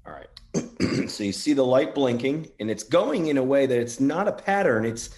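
A man casually demonstrating a recording tool, earnest and gently thankful toward spirits. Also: mid-range voice, big pitch swings, moderate pace. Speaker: paranormal app demonstrator.

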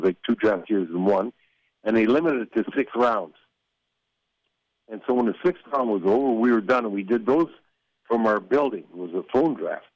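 A man's voice: fairly low pitch, a little mellow, no room sound. An older man, a former hockey executive, telling stories in a rambling way with restarts and chuckles. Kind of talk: casual storytelling interview. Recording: dull lo-fi dry sound.

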